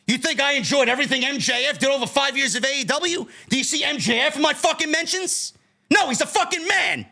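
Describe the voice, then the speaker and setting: A man with a New York accent hosting a podcast, ranting angrily and profanely, his voice climbing toward shouts. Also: very high voice, animated, fairly quick, creaky. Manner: angry, profane, rising to shouts. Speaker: podcast host. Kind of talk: heated podcast rant.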